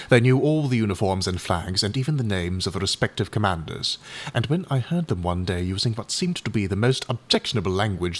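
A man reading aloud and voicing a brisk, insistent, well-meaning Edwardian mother who lectures her brother firmly. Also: lowish voice. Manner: bossy, firm, lecturing.

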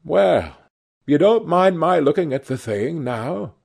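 A man's voice: on the high side, animated, takes it slowly, creaky, darkish tone, slightly rough, exaggerated voice. A man reading aloud and voicing an earnest, devoted male painter who pleads with his friend. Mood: earnest, pleading.

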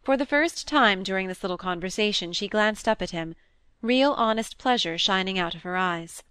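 A woman narrating a classic novel in a calm, even storytelling manner. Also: mid-range voice, normal speed, clear, resonant tone, no room sound. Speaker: audiobook narrator. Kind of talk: scripted narration.

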